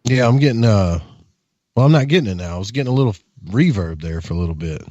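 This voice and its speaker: A man chatting on a radio show, relaxed and reflective. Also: fairly low pitch, quick pace, no echo, muffled recording. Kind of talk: casual radio chat.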